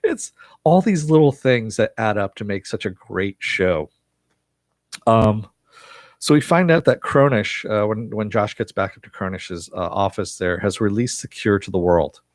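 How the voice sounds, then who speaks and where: A man's voice: fairly low pitch, expressive, a little slow, no room sound. A man giving a casual live recap and review of a TV episode, rambling with many fillers and chuckling now and then.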